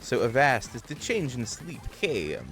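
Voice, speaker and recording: A man's voice: mid-range voice, huge pitch swings, a little slow, a bit bright, faint music behind. A man putting on a playful, theatrical pirate persona full of old-timey slang while streaming a game. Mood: hammy. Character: hammy swashbuckling pirate, adult man.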